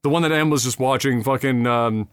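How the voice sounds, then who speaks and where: A man's voice: medium pitch, brisk, clear, resonant tone, no echo, clean studio sound. A man co-hosting a casual podcast, rambling in a laid-back, profane way. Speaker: podcast co-host.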